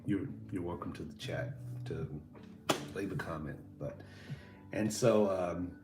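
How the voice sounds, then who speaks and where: In a low, unhurried voice, a man running a livestream chats casually with his audience, rambling and swearing freely. The sound is echoey and roomy, with faint music behind.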